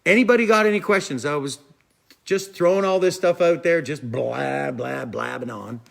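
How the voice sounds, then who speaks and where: Man, fishing stream host; chatty, rambling, a touch high-pitched. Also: moderate pace, creaky. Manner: rambling, chatty, repeats "I'm telling you". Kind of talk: casual live stream chat, answering viewers.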